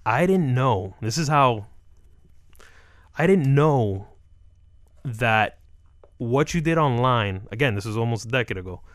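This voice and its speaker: A man's voice: mid-range voice, measured pace, pauses often, no echo. A man, a comedian, telling stories in a casual interview, acting out quotes and laughing as he goes. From South Florida. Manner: animated, acts out quotes with laughs. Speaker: comedian guest.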